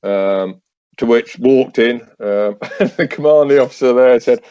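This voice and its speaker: On a podcast, a man in his fifties who is an army veteran tells casual anecdotes with wry, acted-out dialogue and hesitant restarts. His medium-pitched voice is warm and expressive at normal speed, with no room sound but lo-fi quality.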